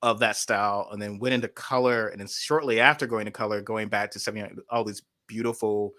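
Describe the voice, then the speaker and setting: A man's voice: fairly low pitch, little pitch movement, fast talker, pushed and bright, no room sound, studio quality. A man hosting a casual video chat, talking in a rambling, enthusiastic way. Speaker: host.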